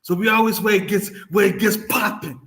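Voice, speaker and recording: A man's voice: high voice, fairly quick, fairly bright tone. A man from New York, a caller on a stream, arguing insistently, cutting in and laughing often. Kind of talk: casual argument on a stream.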